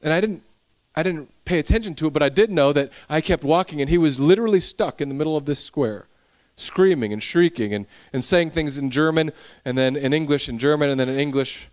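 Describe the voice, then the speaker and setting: Storytelling male pastor, high-voiced. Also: fairly quick. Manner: storytelling, builds to intense preaching. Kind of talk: sermon with personal story.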